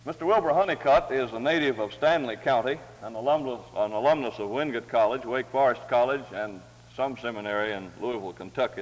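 A man reading scripture aloud and introducing a speaker, with a measured, formal, dignified delivery. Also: medium pitch. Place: large hall or chapel. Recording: long hall reverb.

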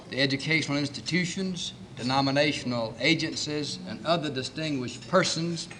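A man chairing a committee, giving a formal, measured welcome address and reading out lists of honored guests. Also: medium pitch, a bit bright, a little hiss or hum.

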